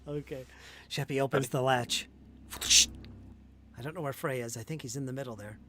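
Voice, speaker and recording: A man running a live tabletop game as game master, narrating scenes in a measured, descriptive way. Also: medium pitch, a bit bright.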